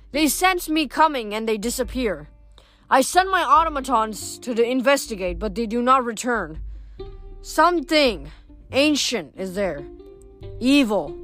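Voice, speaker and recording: A woman voicing a gruff, wry male blacksmith god who speaks slowly and deliberately. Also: sits high, a bit bright.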